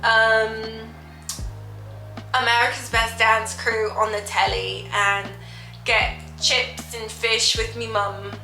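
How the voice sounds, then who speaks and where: A woman's voice: a little high, level tone, slow pace, bright, forceful tone, exaggerated voice. A woman voicing a mock posh young London woman with a put-on British accent, introducing herself playfully. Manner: playful, exaggerated self-introduction. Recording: echoey room with faint music.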